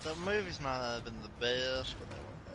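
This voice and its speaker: A man's voice: medium pitch, lively intonation, fairly quick, pushed and bright, slight background noise. Laid-back man cracking crude jokes. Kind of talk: casual gaming chat.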